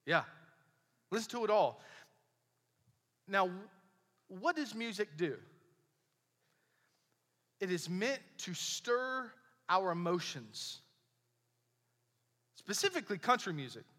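A young pastor delivers a sermon in a high, bright voice. He preaches conversationally and hammers points home with repetition. His voice rings out in a reverberant church hall. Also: animated, takes it slowly, pauses often. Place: church sanctuary.

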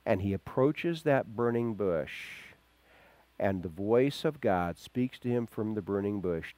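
Animated male preacher, low, dry. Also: slow, no echo. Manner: animated, swings from loud emphasis to quiet asides; acts out quoted voices, chuckles. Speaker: pastor. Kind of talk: expository sermon.

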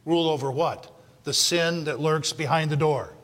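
Male pastor, fairly high forceful voice, emphatic repeating delivery, big hall reverb. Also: moderate pace. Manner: preaching with emphatic repetition, swinging from loud shouts to low intensity. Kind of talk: sermon.

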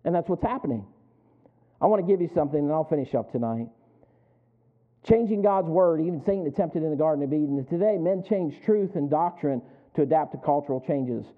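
Preaching in church, this pastor speaks fairly quickly in a slightly high, animated voice. His style is folksy, with jokes and frequent questions put to the congregation, and the audio has a thin, phone-like quality.

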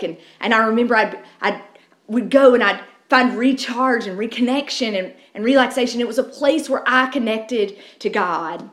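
A woman's voice: fairly high pitch, normal speed. A middle-aged woman pastor, preaching a sermon in a conversational storytelling way with frequent restarts. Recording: roomy echo.

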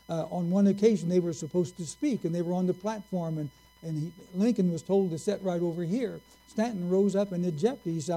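A man preaching a sermon, telling a story slowly and earnestly and drawing out his key words. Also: high voice, creaky, mellow, rough recording.

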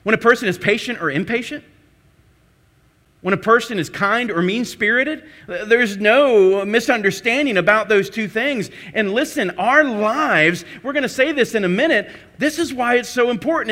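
High, bright-voiced preaching man. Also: normal speed. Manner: emphatic preaching with repetition and rhetorical questions. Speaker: pastor. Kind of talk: sermon.

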